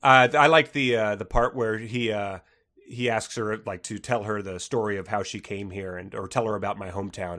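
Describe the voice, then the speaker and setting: A man's voice: on the low side, steady tone, normal speed, sharp tone. Chuckling male podcast co-host. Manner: laughs often, reads passages aloud with mock drama. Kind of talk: casual comedic book discussion.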